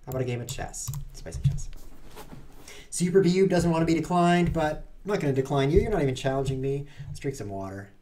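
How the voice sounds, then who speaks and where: A man's voice: a little high, animated, fast, dark tone, slight background noise. A man streaming online chess, chatting to his viewers in a playful, self-mocking way as he plays. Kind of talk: live-stream commentary while playing.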